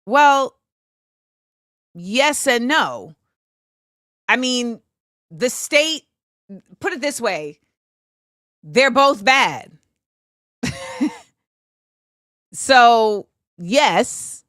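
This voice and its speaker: Blunt, forceful woman hosting a livestream. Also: on the high side, very animated, very slow, long pauses, no echo, clean studio sound. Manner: blunt and opinionated. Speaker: host. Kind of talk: livestream talk reading viewer comments.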